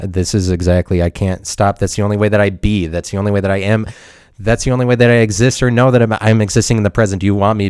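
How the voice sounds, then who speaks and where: A man delivering a rambling, scattered monologue, cursing often and breaking into sudden loud outbursts. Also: low voice, clear, resonant tone, dry recording, studio quality.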